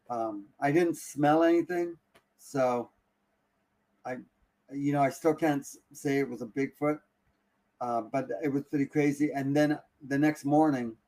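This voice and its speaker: A man in the middle of his own range, telling a story casually on a live talk stream. He keeps restarting his sentences and drops to a hush at the tense parts. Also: mid-range voice. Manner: animated, breathless retelling with many restarts. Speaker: guest.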